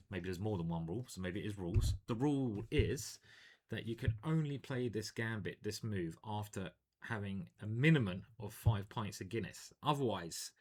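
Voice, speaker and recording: A man's voice: fairly low pitch, darkish tone. A man, a chess grandmaster, commentating live on his own online games in a chatty, self-deprecating way, thinking aloud at a home computer.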